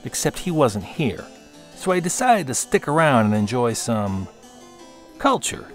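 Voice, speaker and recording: A man's voice: mid-range voice, big pitch swings, measured pace. A man voicing a cocky, vain young pilot with a smug, brash way of talking, over background music.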